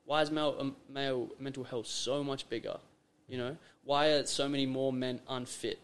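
An Australian man hosts a casual podcast chat in a voice of ordinary middle pitch. He talks emphatically and repeats his phrases for effect. He acts out little scenes as he explains his point. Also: fairly even intonation, moderate pace, smooth. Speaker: podcast host.

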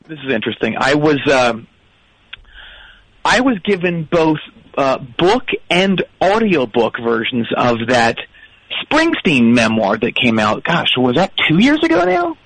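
A man's voice: mid-range voice, sing-song, measured pace, a bit bright, slightly rough, dry recording, rough recording. A man calling in to a radio show, rambling hesitantly through a story. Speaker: caller. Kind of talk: casual phone-in chat.

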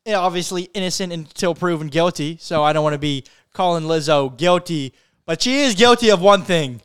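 A man's voice: a little high, fairly quick, clean tone. A young man co-hosting a casual podcast, joking and telling stories with lots of energy. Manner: joking, animated storytelling. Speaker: podcast co-host.

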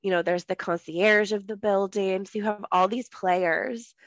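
A woman's voice: mid-range voice, fairly even intonation, measured pace, dry recording, highs cut off. A woman co-hosting a book podcast, chatting casually with lots of ums, her voice a little off today. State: voice a bit off. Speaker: podcast co-host. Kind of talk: casual chat about books.

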